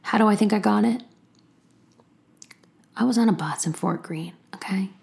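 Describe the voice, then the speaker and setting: A woman's voice: medium pitch, normal speed, gravelly, a little mellow. A woman telling a candid personal story, chatty and self-deprecating, often acting out both sides of a conversation.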